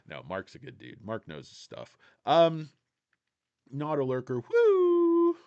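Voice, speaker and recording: Brash, profane man hosting a stock stream. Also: medium pitch. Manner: brash, profane, talks to viewers and reads their chat. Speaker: stock market livestream host. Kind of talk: casual livestream commentary.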